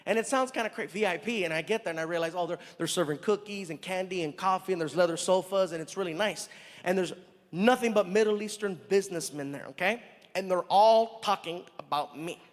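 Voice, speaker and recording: Animated male comic in a big hall. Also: sits high, a little fast. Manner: animated storyteller, acting out voices. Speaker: stand-up comedian. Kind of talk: stand-up comedy set. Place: large theater on stage. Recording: long hall reverb, audience noise.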